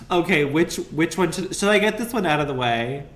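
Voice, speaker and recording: Chattering to his stream audience while he plays, this man is giggly, campy and profane. His pitch is fairly high, his intonation lively, and he talks fairly quickly with a slightly bright sound. Faint music plays in a roomy-sounding space.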